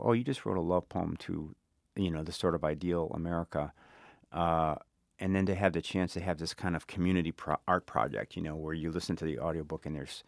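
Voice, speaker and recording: A middle-aged man with a South Side Chicago accent and a very low voice speaks reflectively as an interview guest. He pauses and restarts his sentences as he thinks. The recording is dry and close. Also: vocal fry, no room sound. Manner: thoughtful, halting, many restarts. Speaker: author guest.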